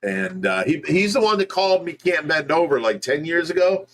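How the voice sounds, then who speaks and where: A man's voice: on the high side, big pitch swings, normal speed, a bit bright. A man co-hosting a casual livestream chat, teasing and laughing often. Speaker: co-host.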